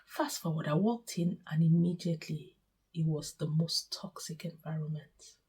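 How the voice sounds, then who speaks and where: A woman's voice: low voice, steady tone, moderate pace, dark tone, husky. A woman in her forties from Nigeria with a Nigerian accent, telling her own life story to camera in a candid, emotional, straight-talking way. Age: 40s. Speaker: vlogger.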